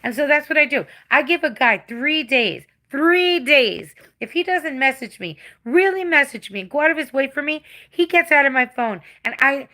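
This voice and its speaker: A woman in her forties with an English accent talks casually to her livestream viewers. Her voice sits a little high and has a bright, forceful edge. She vents bluntly and swears freely. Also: lively intonation, normal speed, few pauses. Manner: blunt, profane, venting. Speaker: livestreamer answering chat.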